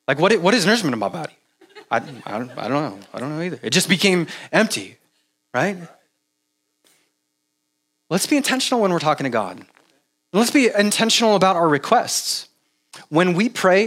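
A man preaching a casual sermon, halting with restarts and fillers, animated when he mimics repetitive prayer. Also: fairly high pitch. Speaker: pastor.

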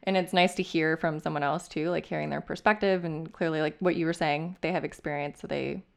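A woman co-hosting a podcast in casual chat, self-deprecating and quick to laugh at herself. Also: low-pitched, fairly even intonation, vocal fry. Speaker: podcast co-host.

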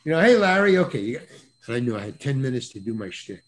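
An older man, a guest actor, telling stories in casual chat over a video call, with stammering restarts and animated voices for the people he quotes. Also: mid-range voice, fast talker. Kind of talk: casual anecdotal storytelling.

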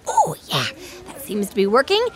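A woman co-hosting a comedic kids' science show, goofy, excitable and playful. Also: medium pitch, normal speed, background noise. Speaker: co-host.

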